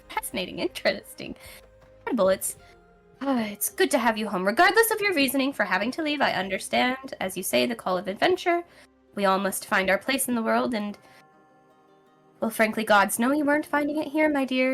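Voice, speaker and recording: A woman game master plays a middle-aged noble mother in a fantasy tabletop game. She gushes, boasts and talks down with sugary condescension, her voice often swinging high in a lively, animated way. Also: fairly quick, creaky, faint music behind, full character voice. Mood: condescending. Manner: gushing, backhanded and condescending.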